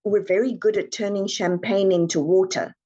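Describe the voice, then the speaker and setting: A woman coach speaks earnestly in a podcast interview, acting out the voices people hear in their heads. Her tone is mellow and a little husky. The recording sounds slightly muffled and lo-fi. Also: medium pitch, steady tone, moderate pace. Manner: earnest, emphatic, acts out clients' inner voices. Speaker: executive coach.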